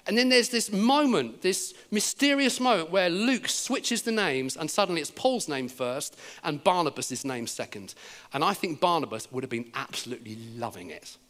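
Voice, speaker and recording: English preacher man, animated storytelling. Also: fairly high pitch, moderate pace. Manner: animated storytelling, acting out quoted speech. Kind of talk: sermon. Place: church service.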